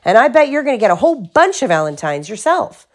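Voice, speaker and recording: A woman's voice: on the high side, very animated, fast talker, voice pushed up. A cheerful father bear from a storybook, as a mother reading aloud puts him on. Jovial in manner but firm with the squabbling cubs. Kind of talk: children's storybook read-aloud.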